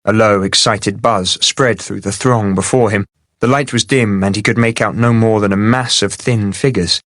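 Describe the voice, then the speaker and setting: A male audiobook narrator reading a fantasy novel in a measured, even way. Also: on the low side, no room sound, clean studio sound. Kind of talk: scripted narration.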